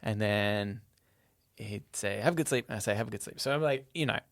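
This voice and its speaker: A man's voice: lowish voice, dry recording. Chatty man, dry close sound. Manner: laughs often, halting storytelling. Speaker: podcast co-host. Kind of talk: casual chat.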